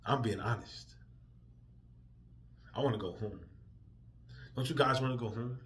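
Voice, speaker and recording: A man ranting emotionally in a profane vlog, drifting from quiet, weary talk to loud, heated outbursts. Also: mid-range voice, unhurried. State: emotional, near tears. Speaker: vlogger.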